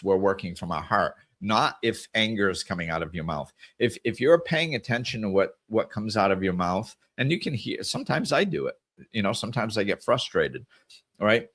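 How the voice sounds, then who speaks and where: On the low side but fairly bright, a middle-aged man's voice leads a podcast monologue on scripture and the inner life. He's earnest and reflective, often repeating and correcting himself.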